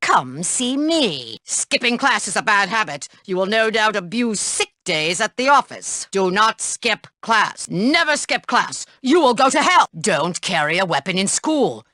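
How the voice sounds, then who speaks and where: Brief: woman voicing strict lecturing school staff member, bright lively voice, dry booth. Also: mid-range voice, a little slow, few pauses, dry recording. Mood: stern. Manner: scolding, lecturing about rules. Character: stern scolding female school staff member. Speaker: video game character.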